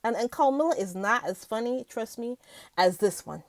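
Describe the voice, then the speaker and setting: A woman's voice: on the high side, animated, normal speed, dry recording. A woman vlogger chatting casually to her viewers about the news, giggling often and filling her talk with ums. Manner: chatty, giggly, lots of fillers.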